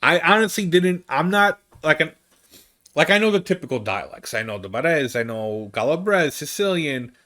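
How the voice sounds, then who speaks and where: Comic, slightly high-pitched guy, animated, rambling storyteller. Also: normal speed. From United States. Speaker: comedian host. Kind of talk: casual storytelling monologue.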